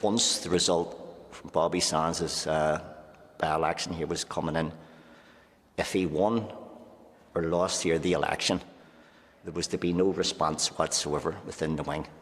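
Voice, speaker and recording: A man's voice: rumbling low, fairly even intonation, unhurried, long pauses. A man, a former prisoner, earnestly recounting his memories in an interview, often adding "here" and "right?". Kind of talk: recollection in interview. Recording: long hall reverb, faint music.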